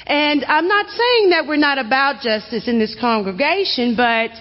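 High-voiced woman preaching in a church. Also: animated, normal speed. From Arkansas. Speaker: guest preacher. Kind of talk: sermon. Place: church sanctuary. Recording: dull sound in a reverberant church.

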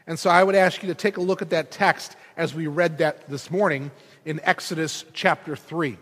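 A male pastor preaching a sermon in an animated, storytelling way with casual conversational asides, in a church. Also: a little high, normal speed. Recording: reverberant hall.

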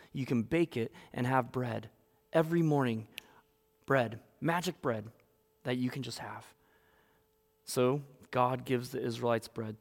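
Storytelling male preacher in a reverberant hall. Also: mid-range voice. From United States. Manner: storytelling, acts out voices. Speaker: pastor. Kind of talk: sermon.

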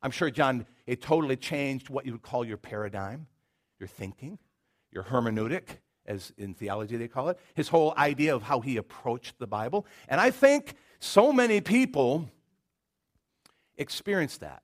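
A middle-aged pastor preaches a sermon, telling stories animatedly and repeating words as he builds toward his point. His voice sits at medium pitch and moves at a moderate pace.

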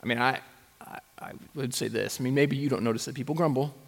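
A pastor preaching a sermon in a conversational way, with rhetorical questions and wry asides. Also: male voice, mid-range voice, fairly even intonation, fast talker, creaky. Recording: long hall reverb.

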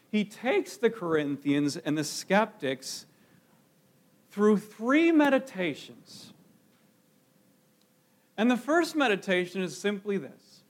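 A man with a high-pitched voice preaching a sermon. He talks to his congregation casually, asking rhetorical questions. He often stumbles and restarts his phrases as he goes. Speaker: pastor.

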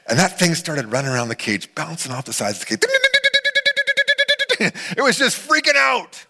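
A middle-aged man preaching a sermon, animated, acting out quotes and swinging between loud and hushed delivery. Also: mid-range voice, husky. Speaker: pastor.

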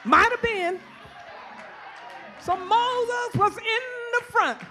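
A woman preacher giving a shouted, repetitive sermon in a church, calling out congregants by name and drawing responses. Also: extremely high pitch, takes it slowly, music in the background, a crowd in the background.

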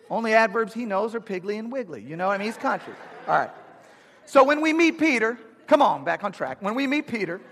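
A man in his thirties preaching a sermon to a congregation, energetic and humorous, talking to them in a conversational way. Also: high-pitched, gravelly. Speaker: pastor. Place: church sanctuary. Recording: long reverb of a large hall.

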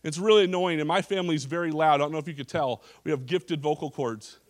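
A man's voice: a little high, fast. A male pastor preaching a sermon in a church service, emphatic, with frequent restarts and repeated phrases.

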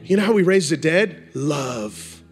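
A male preacher delivering a passionate sermon, moving between hushed reflection and rising exhortation. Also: a little high, expressive, measured pace, faint music behind.

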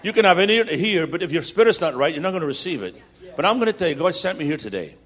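A man preaching as a guest speaker, building to loud repeated declarations and slipping in jokey stories. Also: a little high, sing-song, racing. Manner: jokey storytelling asides. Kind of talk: sermon.

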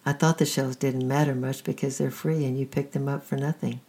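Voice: medium pitch, little pitch movement, fairly quick, warm tone, lightly acted. Frightened little girl, timid and pleading, read by a storyteller. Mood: miserable. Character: frightened eleven-year-old girl.

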